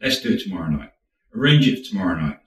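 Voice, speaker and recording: Weary, offhand wealthy man, done by a storyteller; deep voice, distant roomy mic. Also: big pitch swings, quick pace.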